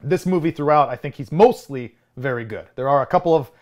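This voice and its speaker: A man in his thirties with a slightly high voice talks a little fast while co-hosting a film podcast. The chat is casual and rambling, with frequent restarts and chuckles.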